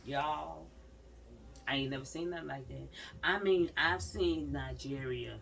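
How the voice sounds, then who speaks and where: A woman's voice: a bass voice, normal speed, creaky, fairly bright tone. A woman giving casual commentary to her viewers, emphatic and repeating her points as she talks straight to the audience. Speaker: vlogger commenting on news. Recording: slightly distant mic with faint background noise.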